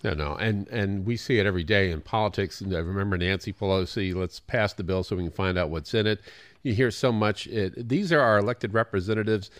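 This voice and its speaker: A man's voice: fairly low pitch, brisk, no room sound. An American man co-hosting a radio talk show, trading wry, self-deprecating comments in casual chat from the studio. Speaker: radio co-host.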